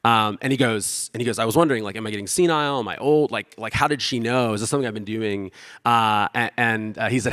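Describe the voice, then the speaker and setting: A man's voice: lowish voice, a little fast, fairly bright tone, in a large hall. A man giving a casual, conversational sermon as pastor, self-deprecating and acting out the voices of the people he quotes.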